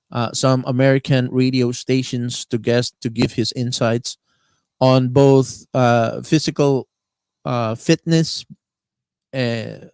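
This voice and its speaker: A man hosting a live internet radio show, talking off the cuff with many fillers and pauses while he searches for words. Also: mid-range voice, darkish tone, clean tone, no room sound. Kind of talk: live-stream monologue.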